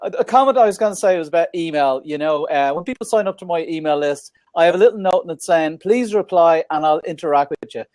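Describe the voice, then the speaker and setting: A man's voice: a little high, expressive, fast talker, few pauses, a little mellow, no echo. An Irish man chatting casually as a guest on a video call, laughing easily. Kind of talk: casual chat.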